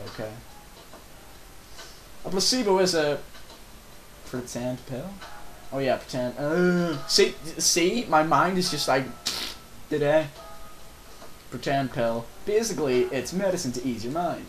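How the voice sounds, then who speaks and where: A man's voice: on the high side, lively intonation, unhurried, pauses often, reverberant, faint music behind, low-quality recording. A man giving casual, rambling let's play commentary, joking and reading game lines aloud.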